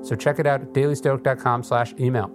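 Guy in his 30s doing his podcast, chatty and ranty, repeats stuff for emphasis, normal middle pitch. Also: steady tone, quick pace, music in the background. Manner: conversational, ranting, emphatic with repetition. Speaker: podcast host. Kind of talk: casual spoken commentary.

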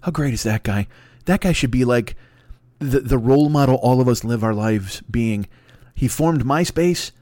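A man's voice: medium pitch, normal speed, darkish tone, dry recording. A man in his fifties ranting alone at a desk, rambling, exasperated and full of swearing. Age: 50s. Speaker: podcast host. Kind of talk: solo comedic rant.

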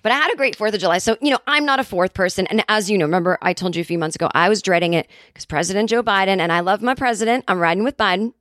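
A woman's voice: medium pitch, rapid-fire, few pauses, fairly bright tone, no room sound, studio quality. A woman hosting a comedy podcast, rambling and self-interrupting through a sarcastic solo monologue. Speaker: podcast host.

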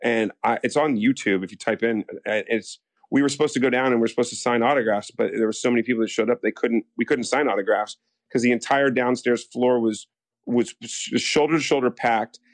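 In a casual interview, a young soap actor from the United States rambles through his stories, leaning on fillers and acting out what people said. His voice sits mid-range, steady and a little quick, with no echo.

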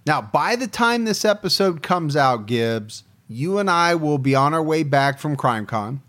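A man's voice: a little high, expressive, measured pace, a bit bright. A man from Ohio co-hosting a casual podcast, upbeat and teasing in banter with his partner. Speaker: podcast co-host.

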